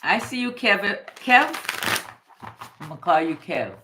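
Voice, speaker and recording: A woman from Guyana giving a live tarot reading, calling the listener darling and baby and repeating their name. She swings between excited high exclamations and low, hushed advice. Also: a little slow, background noise. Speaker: tarot reader.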